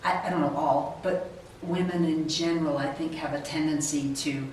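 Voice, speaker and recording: A woman's voice: low voice, fairly even intonation, moderate pace, a little mellow. A woman hosting an interview who responds to her guest in an affirming, encouraging way. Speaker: interview host. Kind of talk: conversational interview. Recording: echoey, distant, faint noise.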